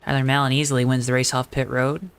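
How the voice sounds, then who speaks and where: A man calling a simulated stock car race in a calm, relaxed announcer voice, mixing play-by-play with easy chat. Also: medium pitch, quick pace, clear, resonant tone. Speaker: sim racing commentator. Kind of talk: play-by-play commentary.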